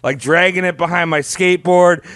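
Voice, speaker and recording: A man's voice: high-pitched, fairly even intonation, normal speed, a bit bright, smooth, dry recording. A man co-hosting a comedy podcast, bantering in a crude, joking way. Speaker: podcast co-host. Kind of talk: casual comedic podcast chat.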